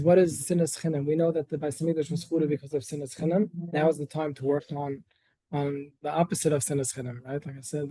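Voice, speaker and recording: Man, earnest workshop leader, fairly high voice, mellow and dry, restarts phrases as he explains. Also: no echo, rough recording. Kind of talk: Torah workshop lecture. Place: study hall with online attendees.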